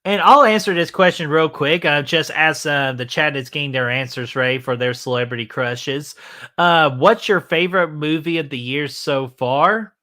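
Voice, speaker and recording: A man's voice: fairly high pitch, normal speed, bright, forceful tone. A man hosting a live stream, chatting casually and joking as he reads out comments, with frequent swearing and fillers. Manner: loose, joking, swears freely, many fillers. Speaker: livestream host.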